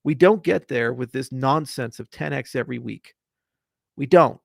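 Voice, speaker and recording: A man giving an unscripted, passionate and blunt monologue to camera, profane and swinging from quiet to loud. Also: medium pitch, normal speed, vocal fry, no room sound, studio quality. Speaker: crypto industry founder. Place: Colorado.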